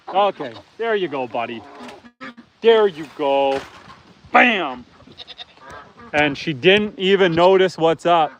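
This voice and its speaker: A man's voice: fairly high pitch, animated, slow pace, long pauses, fairly bright tone, slight background noise. A man hosting a live stream from his farm, chatting with viewers and talking to his pigs, goats and chickens. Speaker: homestead livestream host. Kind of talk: casual live-stream chat. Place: outdoors on a farm among animals.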